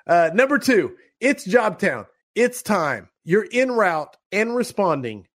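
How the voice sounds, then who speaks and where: A man's voice: sits high, sing-song, fairly bright tone. A man hosting a podcast, running a playful quiz with his guest in casual chat. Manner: playful, quick quiz-show banter. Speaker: podcast host.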